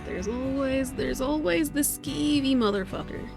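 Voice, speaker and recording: Rambling young woman, swearing, slightly high. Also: a little slow, creaky. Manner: rambling, laid-back, swears freely, laughs often. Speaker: vlogger. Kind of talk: casual storytelling while crafting. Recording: faint music behind.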